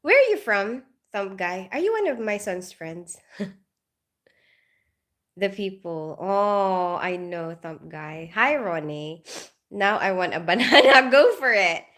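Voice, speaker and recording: A woman's voice: mid-range voice, animated, slow pace, a bit bright. A middle-aged woman, a nurse, chatting casually on a livestream, giggling often and greeting viewers by name; she has just woken up after night shifts. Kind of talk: casual live-stream chat.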